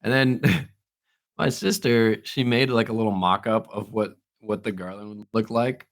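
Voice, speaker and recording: A man's voice: lowish voice, steady tone, a little slow. A man co-hosting a casual podcast, telling a story, acting out other people's lines and laughing often. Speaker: podcast co-host. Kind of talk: casual chat.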